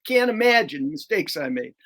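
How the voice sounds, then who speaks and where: A man's voice: a little high, sing-song, fairly quick, a bit bright. An older man, a reading coach, explaining his teaching method in an emphatic, conversational way, sounding out syllables aloud as he goes.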